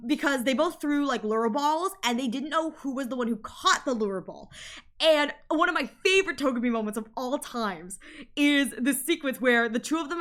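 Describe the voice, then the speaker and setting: A woman's voice: a little high, pushed and bright. A woman streamer chatting casually with viewers, rambling with many restarts and frequent laughs.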